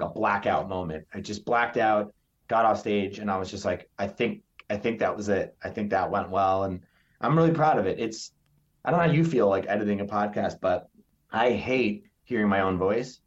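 Lively storytelling man, lo-fi. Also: fairly low pitch, normal speed. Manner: animated storyteller, acts out quotes. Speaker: stand-up comedian, podcast guest. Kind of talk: casual interview chat. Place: New York area.

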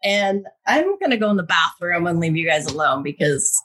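Woman, 30s, guest, low husky voice, animated, casual spiritual storytelling. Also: normal speed.

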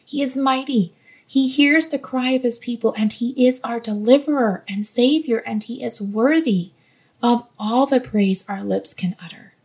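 A woman giving a devotional Bible teaching in an earnest, gently encouraging way. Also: on the high side, normal speed, breathy edge.

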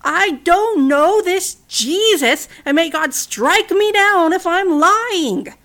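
A woman voicing a frightened man who yells denials in a storybook reading. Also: extremely high pitch, lively intonation, takes it slowly, pitched above the performer's own voice, exaggerated voice. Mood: frantic. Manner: yelling, frantic. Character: frightened, desperate fisherman denying his friend.

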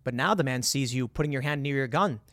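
A man's voice: mid-range voice, quick pace, a bit bright, dry recording. Earnest man, dry close mic. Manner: earnest, repetitive, rhetorical questions. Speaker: commentator. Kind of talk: casual monologue with hypotheticals.

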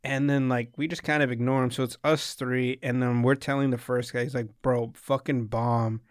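Here a young man rambles through a lengthy story, cursing a lot and performing other people's lines as he goes. He speaks at a normal speed in a level, mid-range voice, captured dry in studio quality.

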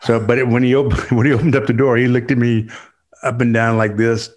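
A man telling a story in casual podcast chat, easygoing and unhurried, chuckling between lines. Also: medium pitch, flat delivery. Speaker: podcast co-host, former tight end.

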